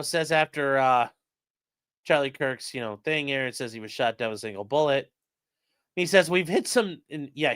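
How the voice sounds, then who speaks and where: A man's voice: a little high, a bit bright, clean tone, dry recording. A man commentating on news in a casual live stream, crude and mocking, reading chat messages aloud.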